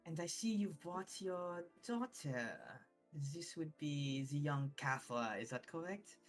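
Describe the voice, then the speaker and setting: A woman's voice: deep voice, expressive, slow, soft background music, pitched above the performer's own voice. A man voicing a poised Earth Genasi woman who leads a ring, greeting guests formally. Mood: gracious. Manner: formal, gracious hostess.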